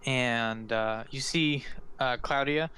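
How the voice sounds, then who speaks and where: A man's voice: medium pitch, takes it slowly, sharp tone, slight background noise. Rambling game master man. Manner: loose and rambling, with many fillers. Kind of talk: narrating a tabletop game. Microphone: podcast microphone.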